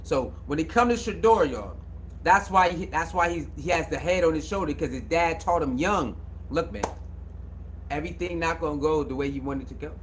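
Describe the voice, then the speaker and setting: A man with a high voice talks in a casual sports commentary monologue. He is emphatic and repetitive and preaches a little, with lots of slang. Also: fairly quick, slight background noise.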